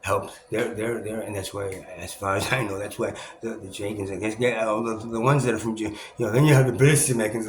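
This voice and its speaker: A man's voice: fairly low pitch, fairly even intonation, fast talker, few pauses. A man talking in a rambling self-recorded monologue, restarting often, swearing and laughing as he puts on other people's voices. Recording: echoey room with loud ambient noise.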